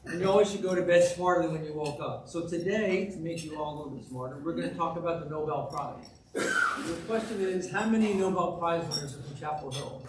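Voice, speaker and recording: A man's voice: on the high side, a little fast. A man at a club meeting, telling folksy jokes and stories in a chatty way. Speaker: Rotary club speaker. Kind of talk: joke-telling club talk. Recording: distant, echoey room with background noise.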